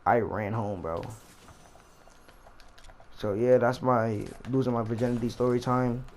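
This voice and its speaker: A man's voice: medium pitch, fairly even intonation, measured pace, darkish tone, slight background noise. A young man vlogger telling a rambling, slangy story as he plays a game. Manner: rambling, slangy, repeats himself. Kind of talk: casual storytime while gaming.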